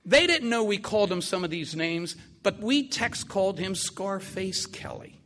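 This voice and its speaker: An older man telling a vivid personal story in an animated, repetitive way. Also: high-pitched, moderate pace. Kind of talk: spoken storytelling.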